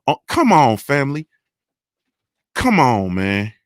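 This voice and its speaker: Brief: male morning-show host, heated unscripted rant, profane, keeps checking in with "you understand?", mid-pitched, dry close recording. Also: wildly swooping pitch, slow, dry recording. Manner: emphatic, profane, keeps asking "you understand what I'm saying?".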